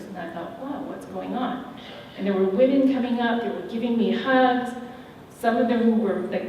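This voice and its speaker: A woman's voice: mid-range voice, a little hiss or hum. A middle-aged woman tells a personal story in a keynote speech and acts out the dialogue as she goes. Her voice is heard from a distance, with strong echo and a long reverb tail. A faint murmur of the room sits behind her. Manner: candid, animated storytelling with quoted dialogue. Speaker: keynote speaker. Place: large hotel event hall. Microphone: handheld microphone. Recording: distant, echoey hall recording with faint ambience.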